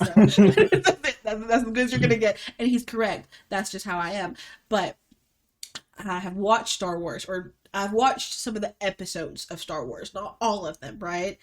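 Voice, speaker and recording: A woman's voice: mid-range voice, moderate pace. A woman from Alabama with a thick Southern accent, co-hosting a podcast in casual chat and telling stories with frequent laughter and swearing. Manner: laughs often, swears, animated storytelling. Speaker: podcast co-host.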